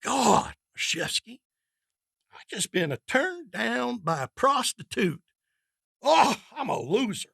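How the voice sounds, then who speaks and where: A man voicing a self-pitying young Marine private with an unhurried Alabama drawl. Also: extremely high pitch, sing-song, vocal fry, fairly bright tone, breathy edge, dry recording, studio quality, voice pushed up, heavily acted. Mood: despairing. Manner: unhurried, whiny.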